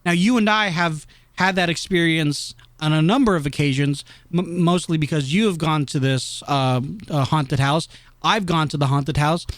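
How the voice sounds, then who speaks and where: A man co-hosting a casual podcast, animated and teasing, who laughs often and jumps into squeaky voices when mimicking people. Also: moderate pace, no echo. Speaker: podcast co-host. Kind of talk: casual chat.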